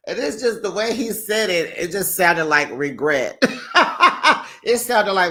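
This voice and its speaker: A man's voice: fairly high pitch, lively intonation, moderate pace, fairly bright tone. Sassy man dishing a reality recap. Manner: sassy, playful, often laughing; acts out quotes in exaggerated voices. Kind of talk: casual gossip recap.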